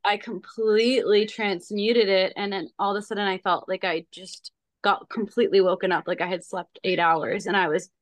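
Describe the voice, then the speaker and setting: A woman sharing a personal story in relaxed podcast conversation, earnest and emphatic, now and then breaking into laughter. Her voice sits at a middle pitch and is recorded close and dry, with no room sound. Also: moderate pace, no echo. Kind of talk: casual chat.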